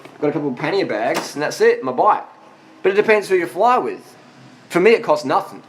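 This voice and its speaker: A man's voice: on the high side, big pitch swings, a little fast, slight background noise. A man of forty giving blunt, profane answers to viewer questions in a casual monologue, worn out after a long ride. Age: 40s.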